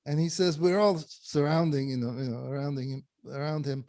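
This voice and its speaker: A man's voice: fairly high pitch, fairly even intonation, fairly quick, a little mellow, no echo. A man telling stories in a casual video-call satsang, often laughing as he talks. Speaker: satsang speaker. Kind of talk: casual storytelling.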